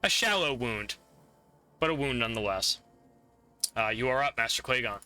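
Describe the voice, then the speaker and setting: A man's voice: medium pitch, lively intonation, moderate pace, bright, forceful tone, clear, resonant tone. A man narrating a tabletop game as game master, describing the fight vividly and laughing often.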